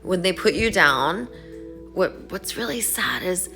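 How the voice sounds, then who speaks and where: A woman talking to her viewers in a casual vlog, reading an email aloud slowly and then speaking in earnest affirmations. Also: on the low side, lively intonation, music in the background. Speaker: online creator reading out an email.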